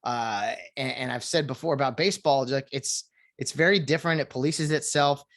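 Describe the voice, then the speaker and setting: A man hosting a casual video rant, rambling with restarts and self-corrections, his voice jumping up when he gets excited. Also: a little fast. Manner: lively, jumps up in pitch when excited. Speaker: video host commenting on baseball.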